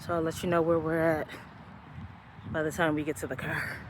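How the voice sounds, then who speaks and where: A woman's voice: sits low, flat delivery, fairly quick, noisy background. A woman in her forties vlogging outdoors after a walk, out of breath, chatty and upbeat. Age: 40s. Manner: chatty, upbeat, addresses viewers as friends and y'all. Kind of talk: casual vlog chat. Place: outdoors on a walking trail.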